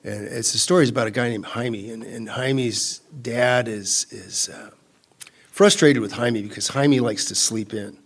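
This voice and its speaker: Unhurried and medium-pitched, a man from California shares his story in a personal talk at a recovery retreat, meandering with frequent restarts and laughing readily.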